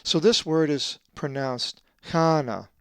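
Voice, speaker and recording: A man who translates the Bible, giving a scripted lesson on Greek pronunciation and slowly drawing out each example word. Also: on the high side, clear, resonant tone, no echo, studio quality. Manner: methodical, drawn-out slow stress on Greek words.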